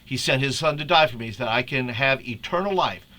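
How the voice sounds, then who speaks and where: Man lightly doing a goofy cartoon dad preaching cheerfully, bright-toned and playful. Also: mid-range voice, brisk, natural voice.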